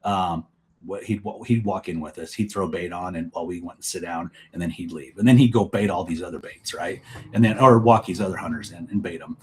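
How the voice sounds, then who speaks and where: A man's voice: low voice, fairly quick, a little hiss or hum. A man guest on a hunting podcast, telling rambling anecdotes in casual conversation over a remote call. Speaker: guest, elk hunting expert.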